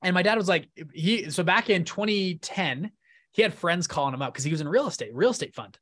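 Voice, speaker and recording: An enthusiastic man speaks to a live seminar audience in a slightly raised voice. He is conversational and excitable, and he keeps checking in with his listeners as he goes. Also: sits high, a little fast. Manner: energetic, enthusiastic, keeps checking in with "right?" and "okay?". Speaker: fund-launch presenter at a live event.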